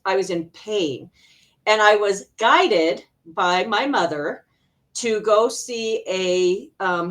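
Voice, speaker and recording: Middle-aged woman from arizona telling stories in an interview, lively, laughs a lot, medium-pitched voice. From Arizona, USA. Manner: animated, laughs often while telling stories. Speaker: intuitive healer, interview guest. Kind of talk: casual personal storytelling.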